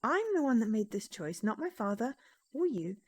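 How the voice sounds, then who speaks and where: Young heroine, shaken but resolute, earnest reads, voiced by the streamer. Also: female voice, fairly high pitch, sing-song, moderate pace, a little mellow.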